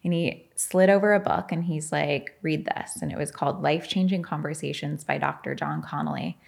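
Gravelly low-voiced woman telling stories. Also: a little fast. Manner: animated and frank, swears, laughs often. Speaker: podcast guest, entrepreneur. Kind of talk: candid storytelling interview.

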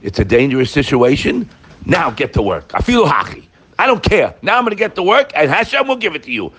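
A middle-aged man giving an animated Torah lecture, firing rhetorical questions and quoting Hebrew verses. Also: on the high side, fairly quick, slightly rough. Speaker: Torah teacher.

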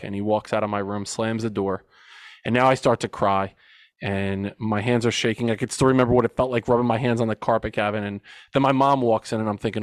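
A podcast guest who works as a men's coach, in his forties, recounts his own story earnestly and thoughtfully, hammering certain parts as he retells them. His medium-pitched voice keeps a steady tone at a quick pace, with no echo.

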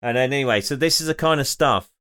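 A man's voice: medium pitch, fast, bright, forceful tone. A man from the north chatting as a podcast co-host, swearing casually and laughing as he acts out quoted voices. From northern England. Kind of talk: casual chat.

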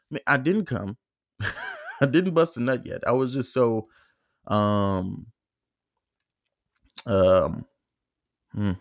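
A man's voice: lowish voice, lively intonation, slow pace, vocal fry, long pauses, no room sound, clean studio sound. A man hosting a solo podcast, telling a story in a casual, profane, rambling way with lots of fillers and acted-out quotes. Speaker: podcast host.

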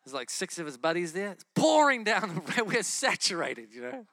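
A man preaching with a bright, forceful voice pitched a little high, telling a testimony story with lively energy and frequent laughter. The sound is dry and close, with no room echo. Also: normal speed. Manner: animated, laughs while telling stories.

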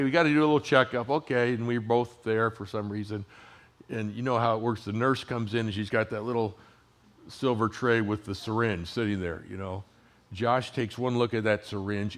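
This is a man in his sixties, a pastor preaching in a relaxed storytelling manner at medium pitch. He lets his voice fall to a hush before lifting it back up.

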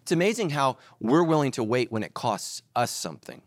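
A middle-aged man preaching a sermon as pastor, animated and joking, acting out little voices. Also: medium pitch, brisk, slight background noise. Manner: animated, acts out voices, jokes with the congregation.

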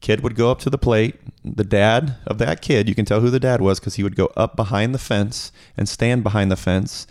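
A man's voice: on the low side, steady tone, a little fast, few pauses, a little mellow, no room sound, clean studio sound. A man co-hosting a podcast in casual chat, telling stories in a rambling way. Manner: rambling storyteller, acts out quotes. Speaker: podcast co-host.

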